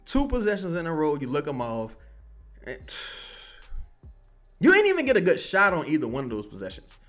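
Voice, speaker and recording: High, animated man ranting about a game. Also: moderate pace. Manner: swears a lot and rants in bursts. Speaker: basketball commentator streamer. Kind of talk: live game reaction commentary.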